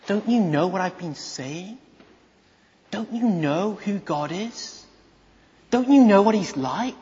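A high-pitched male preacher delivering a sermon at an unhurried pace, full of rhetorical questions, rising loud and then falling quiet. The sound is dull and lo-fi, with long reverb from a large hall. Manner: emphatic, rhetorical questions, swings from loud to hushed.

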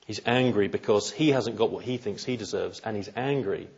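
A man's voice: lowish voice, moderate pace, darkish tone, slightly rough, dull audio. A male preacher delivering a sermon in an earnest, emphatic way, asking rhetorical questions.

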